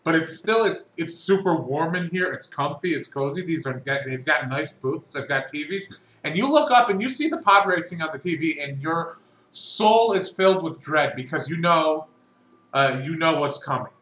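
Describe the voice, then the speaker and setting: Brief: fast, rambling male game master with a bright, slightly high voice. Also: lively intonation. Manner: quick, rambling, lots of fillers. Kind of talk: running a tabletop game over voice chat. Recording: echoey room, faint background noise.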